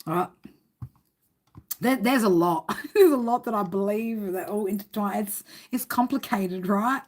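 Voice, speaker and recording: A woman's voice: mid-range voice, unhurried. A woman reading tarot on a live stream, chatting casually with viewers, rambling, swearing a lot and laughing often. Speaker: tarot reader.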